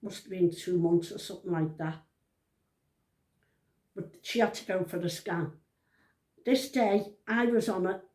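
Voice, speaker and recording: A woman's voice: medium pitch, darkish tone, roomy sound. Chatty rambling woman in her seventies. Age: 70s. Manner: chatty, rambling, self-interrupting. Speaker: vlogger telling a family story. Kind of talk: casual storytelling to camera.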